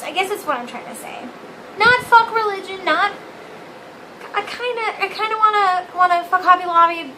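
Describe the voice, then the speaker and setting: A woman's voice: very high-pitched, pushed and bright, slight background noise, poor audio. A young woman vlogging from her living room on a phone, ranting candidly with swearing and self-mockery. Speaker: vlog host. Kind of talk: casual opinion rant to camera.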